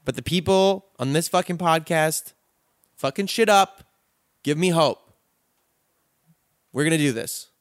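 A man's voice: a little high, unhurried, pauses often, no room sound. Guy hosting a podcast, swearing a lot, earnest pep talk, super dry close sound. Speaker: podcast host. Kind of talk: impassioned solo podcast sign-off.

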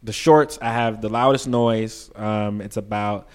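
A man's voice: on the low side, steady tone, a little slow, smooth. A man from Brooklyn with a New York accent, chatting animatedly as a podcast guest and laughing often. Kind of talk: casual podcast chat.

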